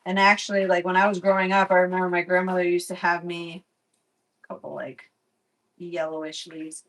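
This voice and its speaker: A young woman chatting casually as she cooks in her home kitchen, swearing freely and telling stories in a lively way. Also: fairly low pitch, brisk, rough recording. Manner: chatty, profane, animated storytelling. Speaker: vlogger. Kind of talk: casual cooking vlog chat.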